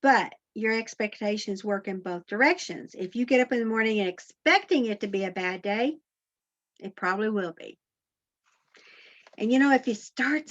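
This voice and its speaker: A woman's voice: a little high, highs cut off. A woman giving an inspirational faith talk, earnest and encouraging, often putting questions to her listeners. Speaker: Christian motivational speaker.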